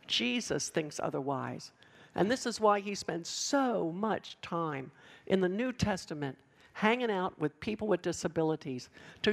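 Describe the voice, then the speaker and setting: A woman giving a passionate sermon to students, emphatic and with dramatic pauses. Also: mid-range voice. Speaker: speaker addressing students.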